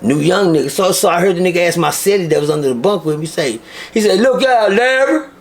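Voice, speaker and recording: A man's voice: a little high, fast. Profane Texan man telling stories. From Texas. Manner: profane, animated storytelling. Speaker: interview guest. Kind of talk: storytelling interview.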